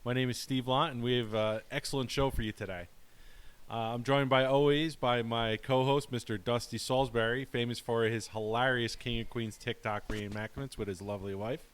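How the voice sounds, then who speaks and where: A man hosting a casual podcast, talking haltingly with many fillers and restarts. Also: medium pitch, steady tone, clear, resonant tone. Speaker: podcast host.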